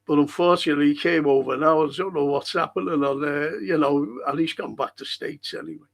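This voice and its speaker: A man with a somewhat high, gravelly voice hosts a casual live-stream podcast. He talks bluntly and swears freely, and he reads viewer comments aloud between his own rants. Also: brisk. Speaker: podcast host.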